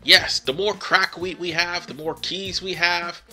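A man's voice: high-pitched, fairly even intonation, a little slow, sharp tone, soft background music. A man hosting a let's play, giving casual, rambling gameplay commentary with fillers and self-corrections.

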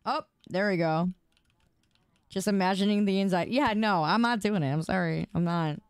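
A woman's voice: mid-range voice, moderate pace, clear, resonant tone, no echo, studio quality. A sleep-deprived woman streamer chatting casually and playfully with her viewers, teasing and pleading. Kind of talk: casual live-stream chat.

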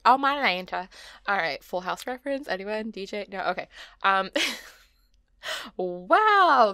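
A woman's voice: on the low side, fairly bright tone, clear, resonant tone, no room sound, clean studio sound. A woman hosting a gaming channel, chatting casually in a voice-over over a building video. She rambles and jokes at her own expense. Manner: rambling and self-mocking, with frequent laughs and tangents.

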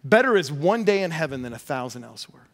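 A middle-aged man, a pastor, preaching a sermon with animated storytelling and humor. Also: on the high side, fast talker.

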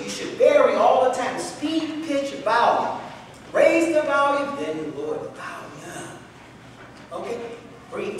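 A man with a Midwestern American accent teaching a public speaking workshop, emphatic and dramatic, with strategic pauses. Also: extremely high pitch, slight background noise. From Midwestern United States. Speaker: speaking instructor. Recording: echoey hall recorded from far off.

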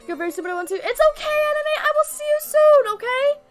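Bubbly high-voiced woman streamer. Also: fast, few pauses, faint music behind. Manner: bubbly, thanking chat viewers excitedly. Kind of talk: casual live gameplay streaming.

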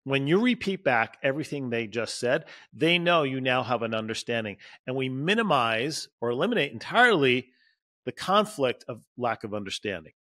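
Earnest, animated male podcast host. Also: normal speed, no room sound, studio quality. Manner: earnest and animated, acting out scenes with sudden high bursts. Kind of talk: solo motivational podcast talk.

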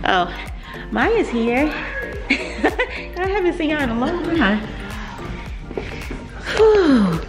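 A woman vlogger tours a big vacation house in relaxed, unhurried chat, her pitch swinging up and down as she talks. She laughs often and thinks aloud. Music plays clearly under her handheld-camera recording. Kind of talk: casual house-tour chat. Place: indoors in a large vacation house, later on a deck.

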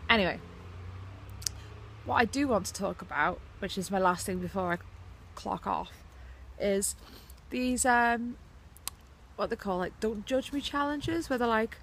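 A woman's voice: mid-range voice, unhurried, vocal fry, long pauses, a bit bright. A woman with a Welsh accent rants to her camera, swearing freely in a blunt, sarcastic way. Her voice sits mid-range. Faint background noise hangs behind her. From Wales. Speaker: vlogger. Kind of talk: ranting vlog to camera. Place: outside her house.

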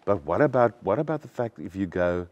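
A man with a low, deep voice coaching a young actor. His delivery rises and falls a lot as he explains and demonstrates how to speak the lines. He talks in an animated, teaching way. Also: fairly quick, highs cut off. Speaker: acting coach. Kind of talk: coaching a student.

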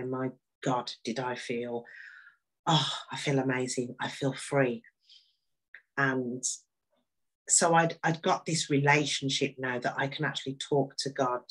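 Interview guest: woman, low voice, candid and animated testimony. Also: a little slow, slightly rough, low-quality recording. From Birmingham, England. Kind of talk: personal faith testimony.

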